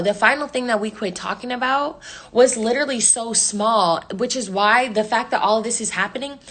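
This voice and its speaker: A young woman telling a long, profane story on a livestream, slangy and animated, acting out quoted dialogue as she goes. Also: medium pitch. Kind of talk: casual storytime rant.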